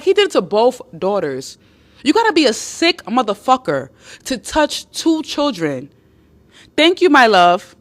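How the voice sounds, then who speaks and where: A woman hosting a live stream, chatting with viewers and reading out their comments, speaking bluntly, swearing freely, and repeating herself for emphasis. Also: a little high.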